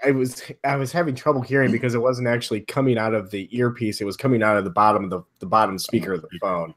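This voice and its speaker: A man who is a guest on a podcast, telling a story in casual chat and halting over his words. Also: fairly low pitch, steady tone, fairly bright tone. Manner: halting, repeats himself.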